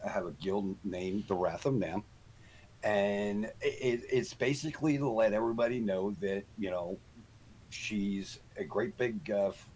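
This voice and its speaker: A man's voice: lowish voice, a little mellow, slightly rough, low-quality recording. A middle-aged man, a guest on the show, telling a story in casual chat with lots of ums and restarts. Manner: rambling storyteller with many ums. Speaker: podcast guest.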